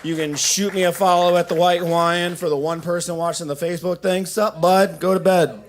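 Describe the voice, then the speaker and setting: A man's voice: high-pitched, steady tone, fairly quick. Rambling young male stand-up comic. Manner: rambling, restarts, lots of "like" and "right?". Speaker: stand-up comedian. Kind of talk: open mic stand-up comedy. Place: coffee shop open mic stage.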